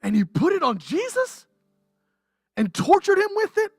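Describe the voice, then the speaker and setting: An emotional pastor delivers a sermon, with the voice swinging widely in pitch. The delivery climbs to impassioned peaks and then falls to near-whispers. The sound is dry and close. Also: wildly swooping pitch, normal speed, dry recording. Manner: impassioned, swings from raised intensity to hushed softness. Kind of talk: livestreamed sermon. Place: church.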